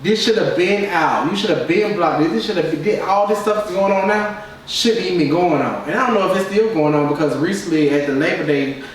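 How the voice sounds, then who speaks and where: A man's voice: high-pitched, fairly quick. A man casually giving his opinions as a reality TV reviewer, in a loose, repetitive way with lots of filler phrases. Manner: loose, repetitive, keeps saying "you know what I'm saying". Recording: very echoey room, distant mic, faint noise.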